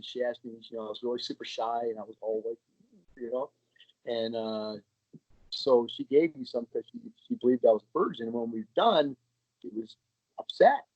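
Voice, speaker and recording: A man's voice: mid-range voice, darkish tone, dry recording. A man telling stories frankly and chattily in a casual podcast interview, swearing freely. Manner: frank, profane, chatty, often acting out quoted voices. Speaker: podcast guest. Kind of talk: casual storytelling conversation. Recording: slightly muffled, dry podcast audio.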